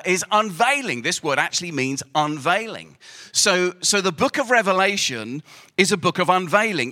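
Bright, emphatic male preacher. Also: on the high side. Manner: lively, emphatic, asks the audience to repeat words. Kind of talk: sermon. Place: hall with a live audience.

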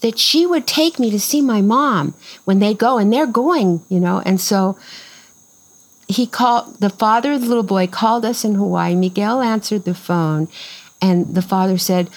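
A woman's voice: mid-range voice, normal speed, poor audio. An older woman casually telling a long story in an interview outdoors on a farm, restarting sentences and acting out what people said. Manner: lively, acts out quoted voices, rambling restarts.

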